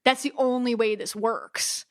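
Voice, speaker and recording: A woman hosting a podcast in casual, animated chat, often acting out what others say. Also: fairly high pitch, a little slow. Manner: chatty and animated, with many restarts and quoted asides. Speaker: podcast host.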